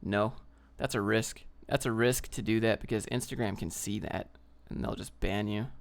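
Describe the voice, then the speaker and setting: A man's voice: fairly low pitch, steady tone, moderate pace, creaky. A young man hosting a casual livestream, ranting in a brash, slangy way and reading out viewer comments. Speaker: livestream host.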